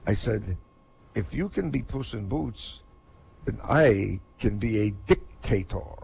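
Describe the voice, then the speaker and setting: A man's voice: on the low side, animated, takes it slowly, gravelly, darkish tone, a little hiss or hum. A man doing a stand-up comedy set of corny jokes in a vampire persona, in an online voice chat.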